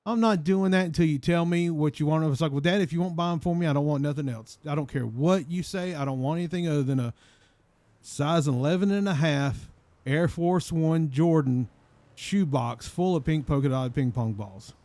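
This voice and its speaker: Long-winded man spinning a deadpan yarn. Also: fairly high pitch, normal speed, dry recording. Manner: long-winded, deadpan, repetitive shaggy-dog telling. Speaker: role-play gamer telling an in-character story. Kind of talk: rambling in-character storytelling.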